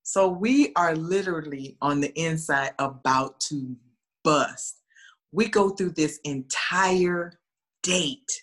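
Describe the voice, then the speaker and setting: Animated woman telling stories. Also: deep voice, takes it slowly. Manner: lively, animated, acts out quoted voices. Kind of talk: casual storytelling.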